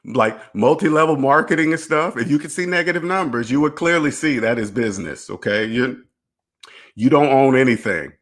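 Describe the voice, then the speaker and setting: A man's voice: medium pitch, expressive, normal speed, fairly bright tone. A man lectures his viewers in a casual monologue, hammering his points home with rhetorical questions. His delivery is blunt and emphatic, with casual swearing and short laughs. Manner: blunt and profane, with brief laughs. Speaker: personal finance channel host. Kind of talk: casual direct-to-camera monologue.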